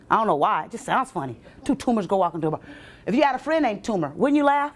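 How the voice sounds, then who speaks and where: Animated woman doing stand-up comedy. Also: racing. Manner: animated, jumps into quoted voices with sharp pitch leaps; banters directly with audience members. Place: college event stage before a live audience.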